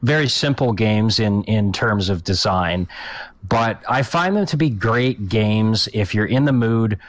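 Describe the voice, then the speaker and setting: Low-voiced hesitant male podcaster. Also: expressive, a little slow, dry recording. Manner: hesitant, many ums, then explains steadily. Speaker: podcast co-host. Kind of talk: casual chat.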